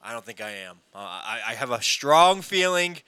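Man, sports podcast cohost, opinionated, animated, sharp bright tone. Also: mid-range voice, normal speed, clean tone, no room sound. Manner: brash, opinionated, swears freely. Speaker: podcast co-host. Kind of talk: casual sports radio chat.

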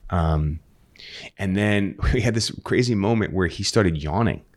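Guesting on a podcast, a man with a low voice takes his time telling an animated, earnest story in a relaxed conversation, frequently restarting his thoughts and repeating words as he goes.

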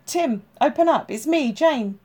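Frantic young woman calling out, a lady doing her voice, pitched up, pleading. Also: expressive, moderate pace, husky. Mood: panicked. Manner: urgent, pleading, rising to shouts. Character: frightened young woman, worried girlfriend.

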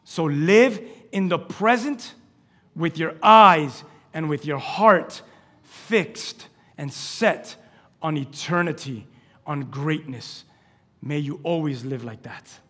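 A male pastor preaching a sermon, telling scripture stories with animated acted-out dialogue, swinging between loud exclamations and hushed asides. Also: on the high side, slow pace. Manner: animated storytelling, acting out scripture scenes.

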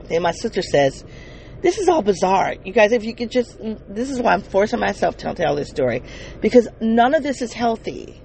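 A podcaster tells a raw personal story, stopping and restarting often and turning to the listeners directly. The voice has a gravelly, creaky edge. A faint hum sits behind it. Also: medium pitch, sing-song, dark tone, rough recording. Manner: halting, with frequent restarts and self-corrections; earnest, addresses listeners directly. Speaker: podcast host.

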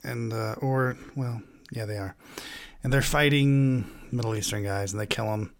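Man, casual movie chat, rambling and halting delivery, swears a lot. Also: medium pitch, gravelly.

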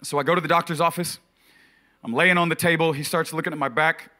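A middle-aged preacher tells a personal story in a casual, rambling way, dipping into hushed passages for effect. His voice sits a little high for a man and sounds bright and forceful. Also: fairly even intonation, fast talker. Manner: conversational, filler-heavy retelling with sudden quiet drops. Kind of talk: storytelling sermon.

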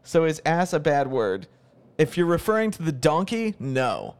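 An American man in casual conversation as a podcast co-host, telling stories with quick asides and laughing easily. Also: on the high side, very animated, clear, resonant tone. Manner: chatty, tells anecdotes with quick asides. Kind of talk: casual chat.

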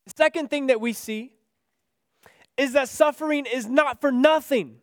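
Male preacher, very high pitch, earnest sermon delivery, dry close sound. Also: normal speed, no echo. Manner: earnest, building to impassioned pleas then dropping soft.

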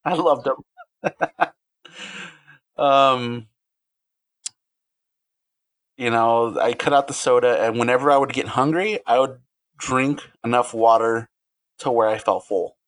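A man with a medium-pitched voice and no echo speaks as a podcast guest. His candid interview talk is earnest and halting, and he keeps restarting his sentences.

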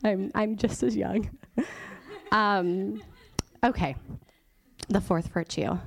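Speaking slowly in a medium-pitched voice with vocal fry, a woman gives a conversational sermon as a guest church teacher. Her style is informal and chatty, with frequent laughter and whispers for emphasis.

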